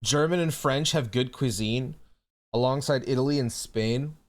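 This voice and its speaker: A man's voice: medium pitch, moderate pace. A young man, a streamer chatting casually and reading chat aloud, loose and laughing, swearing freely. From United States.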